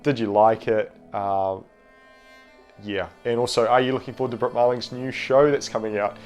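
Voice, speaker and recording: A man's voice: medium pitch, steady tone, moderate pace, faint music behind. A man hosting a casual film review video, nasal from a cold, talking in a rambling, hesitant way with many fillers. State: has a cold. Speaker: film review channel host.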